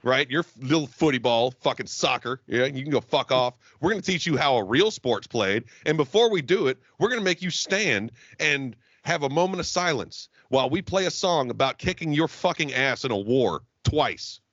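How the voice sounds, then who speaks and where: An American man co-hosts a casual podcast, ranting loudly and profanely with a bright, forceful voice that swings all over its range. The sound is dry and a little dull, like a lo-fi recording. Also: medium pitch, expressive, normal speed, hardly any pauses, no echo. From United States. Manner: profane, rowdy ranting with laughter. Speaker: podcast co-host. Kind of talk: casual chat.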